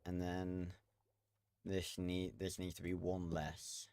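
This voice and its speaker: A man's voice: deep voice, completely flat delivery, slow pace, darkish tone, clear, resonant tone, no echo. A man giving casual commentary while playing a building game, muttering to himself, swearing now and then and laughing. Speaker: gaming video creator.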